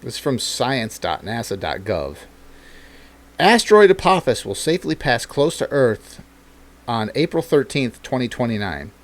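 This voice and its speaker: A man's voice: mid-range voice, sing-song, normal speed. A man hosting a casual podcast chat, rambling and swearing freely, laughing often and reading snippets aloud. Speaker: podcast host.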